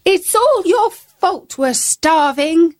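Woman putting on a shrill scolding housewife. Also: expressive, takes it slowly, heavily acted. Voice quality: high-pitched, shrill. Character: distressed, scolding, hungry housewife.

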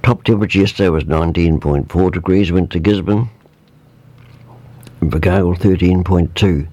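A man with a very low voice and a New Zealand accent reads the regional weather forecast on local radio. His delivery is relaxed and informal, with fillers slipped in among the figures, over a close, dry studio mic. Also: normal speed, dry recording. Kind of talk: reading a weather report.

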